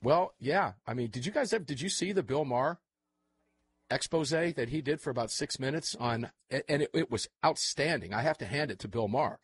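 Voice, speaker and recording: Animated, husky male talk show host. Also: mid-range voice, fairly quick, no room sound. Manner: animated, rambling storyteller. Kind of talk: casual talk show chat.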